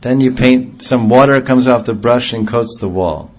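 A man's voice: medium pitch, moderate pace, slightly rough, lo-fi sound. A man giving an earnest devotional sermon, explaining ideas with homely examples. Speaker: preacher.

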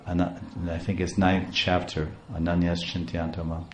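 A man preaching a devotional story, halting and repeating words as he goes. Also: low voice, monotone, a little hiss or hum. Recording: roomy echo.

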